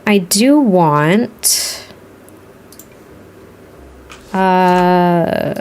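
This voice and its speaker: A woman with a Boston accent chatting frankly and thinking out loud while building a house in a life-sim game. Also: medium pitch, very animated, very slow, long pauses. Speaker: Sims builder streamer. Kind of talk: casual gaming commentary while building.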